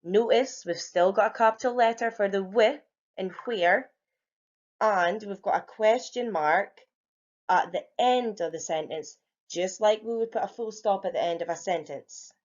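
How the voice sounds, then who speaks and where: A young woman, a primary teacher, works through a home learning grammar lesson for young children at a whiteboard, explaining clearly, patiently and encouragingly. Her medium-pitched voice is a little slow, and the sound is lo-fi.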